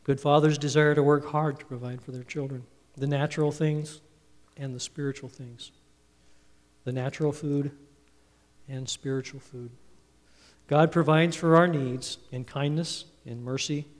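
A man preaching a Father's Day sermon, earnest and storytelling, his phrases trailing off softly. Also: on the high side, fairly even intonation, a little slow. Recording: reverberant hall, speaker a bit off-mic.

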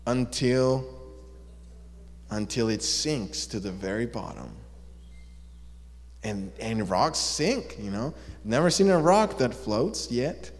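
A man telling a story to listeners in an animated, drawn-out way, asking them questions as he goes. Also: medium pitch. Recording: long echo of a large hall.

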